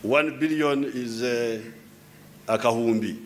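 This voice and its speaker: A man addresses a crowd without a script. His pitch is mid-range, and he speaks in a lecturing way, explaining word by word. He often stumbles, restarts and repeats words. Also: slow pace, slight background noise. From Uganda. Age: 70s. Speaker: head of state giving a speech. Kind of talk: unscripted public address.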